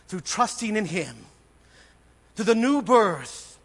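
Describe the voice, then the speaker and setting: A male pastor preaching a sermon, earnestly swinging between emphatic bursts and quiet, intense asides. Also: high voice, sing-song, takes it slowly. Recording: long reverb of a large church hall.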